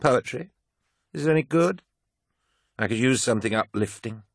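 A man's voice: medium pitch, lively intonation, normal speed, no echo, clean studio sound, pitched above the performer's own voice. A man voicing a cultured, badly drunk woman writer who slurs her words in a storybook reading. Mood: drunk bitter. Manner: slurred, drunken.

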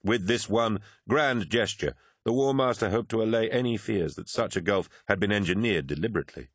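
A man narrating an audiobook with steady, even storytelling. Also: fairly low pitch, brisk, dry recording, studio quality. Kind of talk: scripted narration.

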